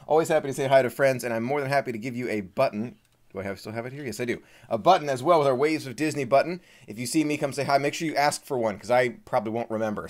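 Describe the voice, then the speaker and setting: Upbeat man chatting on a live stream. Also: medium pitch. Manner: friendly, reads out viewer names and countdowns, gets choked up at times. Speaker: Disney vlogger hosting a live Q&A. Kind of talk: casual live-stream chat greeting viewers.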